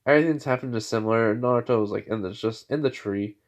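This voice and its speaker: A man's voice: medium pitch, fast talker. A man narrating a homemade fan story off the cuff. He rambles, restarts and fills gaps with "you know" and "like.". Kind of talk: improvised spoken fan fiction.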